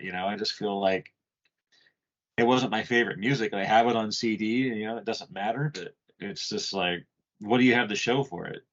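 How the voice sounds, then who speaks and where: A podcast co-host with a voice on the low side talks at normal speed in casual chat, captured in muffled lo-fi audio. He's animated, rambles, and swears freely.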